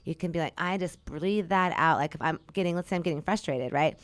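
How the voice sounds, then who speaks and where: Woman, middle-aged, spiritual coach, low voice, soothing, guiding breathwork, casual conversation. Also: fairly quick, no room sound.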